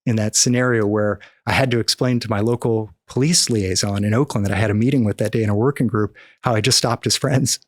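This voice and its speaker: A middle-aged man from the American Midwest, guest on a podcast interview, telling a story with animated acted-out dialogue. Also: lowish voice, quick pace, hardly any pauses, no echo, studio quality. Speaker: podcast guest, cannabis activist.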